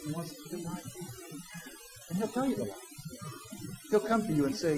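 Male pastor, high-pitched voice, conversational sermon delivery. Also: very animated, a little fast, long pauses, a crowd in the background, rough recording. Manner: conversational preaching, personal asides, quoting imagined voices.

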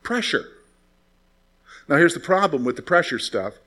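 Male pastor, slightly high voice, conversational sermon full of rhetorical questions and anecdotes. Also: normal speed. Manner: conversational preaching with rhetorical questions, lively storytelling.

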